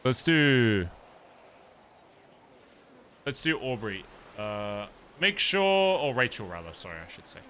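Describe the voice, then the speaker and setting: A man's voice: fairly low pitch, big pitch swings, takes it slowly, pauses often, bright, forceful tone, slight background noise. A man streaming a roleplay game, talking casually to his viewers and often checking in with them. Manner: chatty, addresses viewers directly, frequent "okay?". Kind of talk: casual end-of-stream chat.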